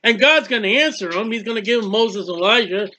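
A man with a high, bright, ringing voice teaching from the Bible in a loose, conversational way. He talks with emphasis and acts out the prayers and speeches he quotes. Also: lively intonation, brisk, a little hiss or hum.

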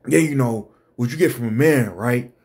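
A man putting on a low, smooth-talking sweet-talker. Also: darkish tone, close to an everyday voice. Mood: coaxing. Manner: slow, coaxing, keeps asking "you know what I'm saying". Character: smooth-talking man selling what men provide.

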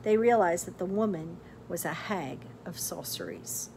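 Expressive woman reading a storybook. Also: lowish voice, creaky, a little hiss or hum. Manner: expressive, pauses to quiz listeners. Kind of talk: storybook read-aloud.

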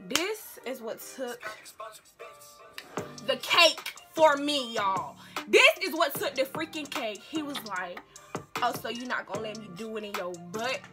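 A young woman speaking recounts a story for her vlog in an animated, dramatic way, repeating her lines for emphasis. Her voice sits a little high, and loud music plays behind her throughout. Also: moderate pace. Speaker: vlogger.

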